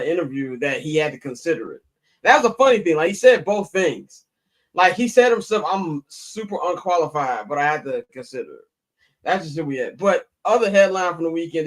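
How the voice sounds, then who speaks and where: Laid-back podcast host man, higher voice. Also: low-quality recording. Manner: laid-back, laughs often. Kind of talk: casual chat.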